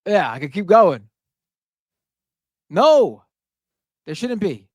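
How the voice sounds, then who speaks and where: Animated, cursing male stream host. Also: sits high, slow pace, no room sound, muffled recording. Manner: animated, profane, indignant ranting. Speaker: livestream show host. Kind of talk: casual live-stream chat reading super chats.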